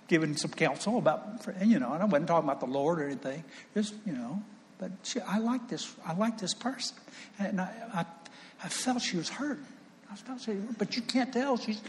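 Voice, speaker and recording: A man preaching a sermon, telling a personal story in an animated, folksy way with chuckles. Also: sits high, moderate pace, slight background noise. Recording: long reverb, faint ambience.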